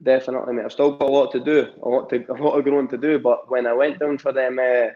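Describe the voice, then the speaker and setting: Young Scottish male guest, casual, rambling, mid-pitched, muffled audio. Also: level tone, fast talker. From Scotland. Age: young adult. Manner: rambling, many fillers and restarts. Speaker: amateur boxer, guest. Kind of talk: casual interview chat.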